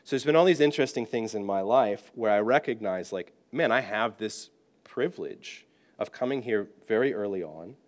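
A British-born man, a pastor, telling a personal story in an animated, self-deprecating and humorous way. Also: fairly low pitch, moderate pace. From Britain. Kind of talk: storytelling sermon.

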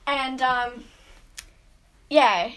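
A woman's voice: sits high, drawn-out words, a bit bright, a little hiss or hum. A young American woman co-hosting a casual podcast, giggly and silly, putting on a mock Australian accent. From United States. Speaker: podcast co-host. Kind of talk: casual chat.

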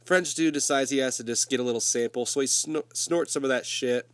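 A man's voice: mid-range voice, brisk, no room sound. A man with a summer cold recapping a movie in loose, profane, conversational storytelling.

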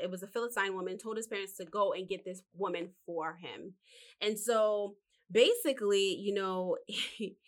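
Recorded indoors, a vlogger retells a Bible story in a loose, chatty monologue full of fillers and asides. Her voice is medium-pitched with a fairly bright tone.

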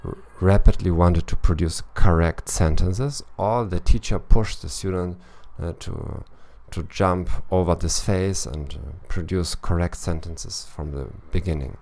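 A man's voice: sits low, unhurried, warm tone. A man coaching language learners in a podcast monologue, thinking aloud and tacking on little tag questions. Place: lives in Eastern Europe.

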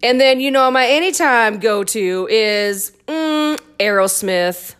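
A woman's voice: fairly high pitch, animated, slow, fairly bright tone, clean tone. A middle-aged woman hosting her own dance fitness podcast, chatty and goofy with playful asides. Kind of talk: casual solo podcast talk.

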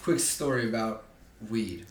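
A young man appearing as a podcast guest tells a casual story with plenty of profanity, acting out the voices of the people involved. His voice is lowish and a little slow, and he sits distant from the mic in a roomy space with crowd noise and faint background sound.

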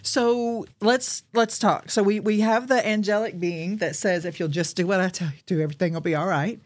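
A woman's voice: medium pitch, moderate pace. A woman hosting an interview, prompting her guest with encouraging questions and frequent short reactions. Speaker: host. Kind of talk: interview conversation.

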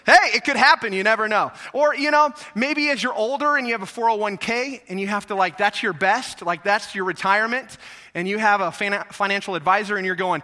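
A male pastor preaching a sermon in a large church sanctuary, energetic and conversational, firing rhetorical questions at the congregation. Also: high voice, quick pace. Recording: long hall reverb.

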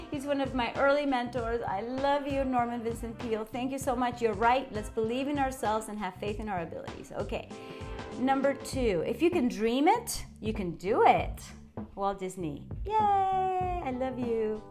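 A woman hosting a motivational podcast monologue, talking in a chatty way, often checking in with the listener and shifting her tone and inflection as she gets excited. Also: on the high side, normal speed, music in the background. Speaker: podcast host.

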